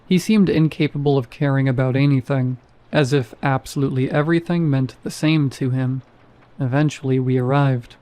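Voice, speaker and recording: Male horror narrator, mellow low-key timbre, deadpan wit. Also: moderate pace. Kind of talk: scripted first-person horror narration.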